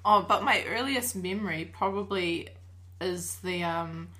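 A woman's voice: on the low side, measured pace. A woman telling childhood stories in casual chat, laughing often and acting out what people said. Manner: laughs often, animated quoting with cries. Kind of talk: casual storytelling among friends.

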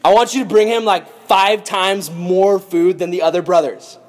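Casting note: man doing a theatrical ancient governor, high-pitched, bossy, bursting into loud shouts. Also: fairly even intonation, normal speed, natural voice. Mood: scheming.

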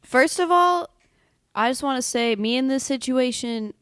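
A woman's voice: sits high, expressive, normal speed, fairly bright tone, dry recording, clean studio sound. A young woman, a podcast guest, reacting in a blunt, slangy way during casual chat.

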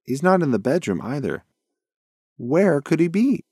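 A man's voice: fairly high pitch, sing-song, measured pace, darkish tone, slightly rough, no room sound, studio quality, voice pushed up, heavily acted. A man voicing a curious, clever young female mouse in a bedtime story, in a lifted, eager voice.

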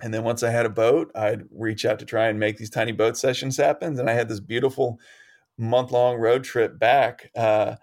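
Male guest, mid pitch, loose rambling storyteller, laughs a lot. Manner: rambling, animated, laughs often. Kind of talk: casual storytelling interview.

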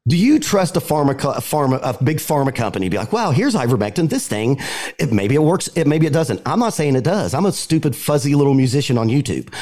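A man's voice: mid-range voice, a little mellow. A man from Appalachia arguing his side insistently as a podcast debate panelist. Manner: argumentative, insistent.

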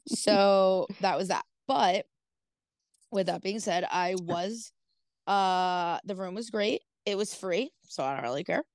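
A woman's voice: medium pitch, slow pace, a little mellow, dry recording. Rambling, swearing woman podcast host. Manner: rambling, heavy use of "like" and "dude", swears casually. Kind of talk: casual chat, storytelling.

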